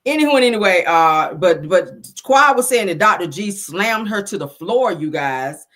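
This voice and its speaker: A woman hosting a reality-TV gossip channel, telling the story in a sassy, profane, animated way. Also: mid-range voice, normal speed. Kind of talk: casual reality-TV gossip commentary.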